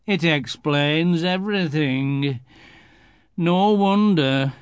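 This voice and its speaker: Man putting on a gloomy old grey donkey, slow mournful drawl, storybook voice, dry sound. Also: on the high side, smooth, no echo. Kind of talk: storybook reading.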